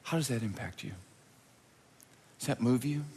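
Male preacher going loud then whisper-quiet, big long echo in the hall. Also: mid-range voice, normal speed, vocal fry, slight background noise. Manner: dynamic, swings from loud intense peaks to hushed near-whispers. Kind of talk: sermon.

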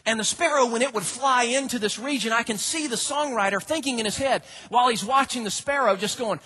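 Preacher guy in church, high bright voice, jumps all over in pitch. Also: brisk, few pauses. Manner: animated, acts out quoted voices, asks the congregation questions. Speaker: pastor. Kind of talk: sermon. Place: church sanctuary.

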